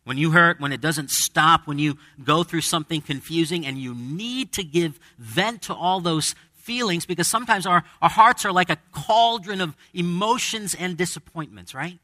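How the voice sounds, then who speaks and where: A man's voice: a little high, moderate pace, hardly any pauses, pushed and bright, dry recording, studio quality. A man preaching a sermon as pastor, conversational, with dramatic quoted asides. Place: church with a congregation.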